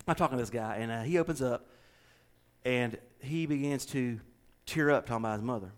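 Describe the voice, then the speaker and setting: A middle-aged pastor with a Southern US accent tells a story in casual talk. His delivery is animated, and he stumbles and repeats words as he goes. His voice sits at an ordinary pitch. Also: brisk. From American South. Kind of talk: casual chat with co-hosts.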